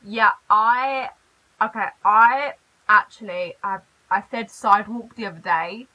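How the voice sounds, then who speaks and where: A British woman from the UK chatting in a casual vlog, animated and quick to laugh. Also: medium pitch, poor audio. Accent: British English. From United Kingdom. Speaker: YouTuber.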